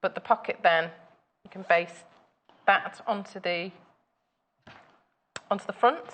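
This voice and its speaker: A woman's voice: mid-range voice, fairly bright tone, low-quality recording. A woman guesting on a live sewing show, explaining each step of a project in plain terms. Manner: explains steps plainly, apologetic when rushed. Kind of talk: craft demonstration.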